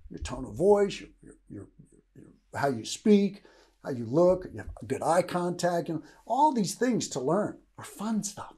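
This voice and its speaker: An older man from Kentucky gives a casual, rambling motivational talk. He keeps checking in with "right?" and chuckles between points. His voice sits a little high and swings widely in pitch. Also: very animated, unhurried, dark tone. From Louisville, Kentucky, USA. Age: 60s. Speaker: motivational speaker.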